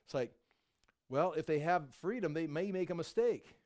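A middle-aged man preaching a sermon, telling Bible stories with lively acted-out voices. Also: fairly high pitch, normal speed. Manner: animated storytelling, acts out voices of biblical figures. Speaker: pastor.

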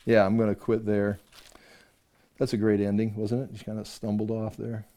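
A man's voice: fairly low pitch, monotone, moderate pace, mellow. A man teaching a conversational Bible-study sermon, reading verses aloud with emphasis and explaining them with rhetorical questions.

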